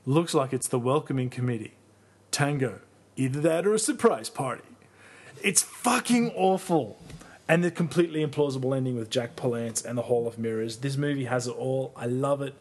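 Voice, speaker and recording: Podcast co-host, male, husky edge, gushing and foul-mouthed, casual banter. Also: mid-range voice, lively intonation, normal speed. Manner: enthusiastic, profane, playful. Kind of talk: casual chat.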